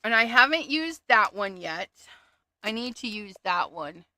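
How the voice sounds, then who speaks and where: A woman's voice: medium pitch, sing-song, a little slow, sharp tone, dry recording. A woman hosting a casual crafting livestream, chatting and giggling as she sorts through her stamps. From Canada. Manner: chatty, giggly, thinks aloud.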